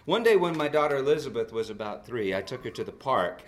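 A man in his fifties preaching a sermon and telling stories, swinging between loud outbursts and soft drops. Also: mid-range voice, animated, quick pace. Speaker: pastor.

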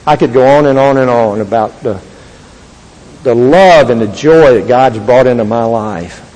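An older man giving an earnest, halting Christian testimony to an audience. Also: mid-range voice, darkish tone. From Texas. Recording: long reverb of a large hall.

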